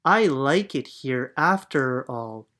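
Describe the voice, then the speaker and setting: Reader doing a shy worried little girl, storybook, super slow and gentle. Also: mid-range voice, lively intonation. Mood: content. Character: anxious young girl, shy. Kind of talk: storybook reading.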